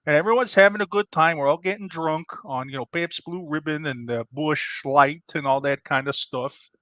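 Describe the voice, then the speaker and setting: A man's voice: on the high side, normal speed, pushed and bright, no room sound. A man playing a brash, bossy middle-aged pizzeria owner, who scolds and talks over his partner in a comedy debate. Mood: boastful.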